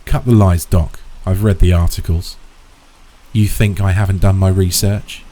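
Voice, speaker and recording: A man's voice: low-pitched, fairly even intonation, normal speed, mellow, slight background noise, natural voice. A man voicing a wealthy, domineering middle-aged father who talks down to others with blunt contempt. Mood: scornful. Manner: blunt, bullying, dismissive.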